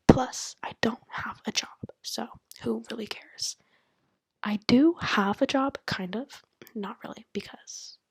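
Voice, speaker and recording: A nineteen-year-old woman rambling candidly into her laptop at home late at night, mostly in a hushed whisper, joking at her own expense. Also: medium pitch, husky, dry recording. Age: 19, turning 20. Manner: rambling, candid, self-mocking. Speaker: college student podcaster. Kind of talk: casual late-night monologue. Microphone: laptop mic.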